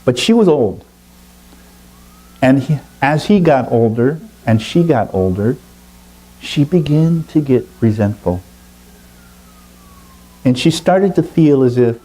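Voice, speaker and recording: A man telling a folk tale aloud with slow, drawn-out, dramatic pauses. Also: mid-range voice, animated, dark tone, husky, low-quality recording. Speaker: storyteller. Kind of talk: oral storytelling.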